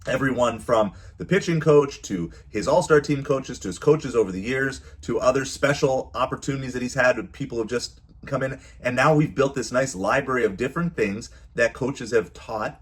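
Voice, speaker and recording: A man's voice: mid-range voice, brisk, few pauses, slightly rough. A man who is a youth baseball coach and parent, giving casual, earnest advice to camera and often repeating his phrases.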